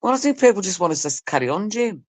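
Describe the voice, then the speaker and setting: A woman's voice: medium pitch, sing-song, fast. A middle-aged woman from Britain hosting a live stream, telling stories in casual chat and mimicking the people in them. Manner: chatty and storytelling, mimicking people she talks about.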